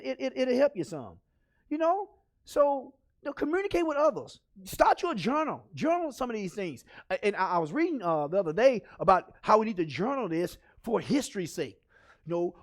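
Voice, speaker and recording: A man talks into a camera with a high voice that swings widely in pitch. He encourages his listeners over and over, and now and then bursts out loud. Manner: encouraging, repetitive, animated with sudden loud outbursts. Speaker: leadership speaker. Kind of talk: motivational talk to camera.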